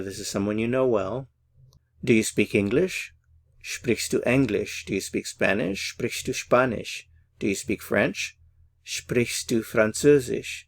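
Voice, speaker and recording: A man teaching a language lesson, saying example phrases slowly and carefully. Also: fairly low pitch, gravelly. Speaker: German teacher.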